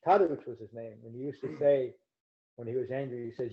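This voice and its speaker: A man teaching a Buddhist meditation class and reciting scripture, relaxed and joking, a little halting. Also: medium pitch. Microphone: livestream mic. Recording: slightly dull lo-fi stream audio.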